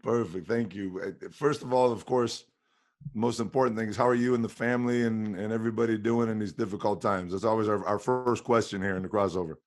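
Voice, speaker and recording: Chatty low-voiced male podcast host. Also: steady tone, a little fast. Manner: easygoing, chatty, stumbling restarts. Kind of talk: interview podcast.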